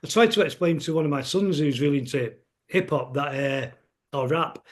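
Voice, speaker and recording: A man's voice: on the high side, normal speed. A middle-aged man with a Manchester accent, a musician guest telling rambling stories in casual conversation. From England. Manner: rambling, anecdotal, restarts often.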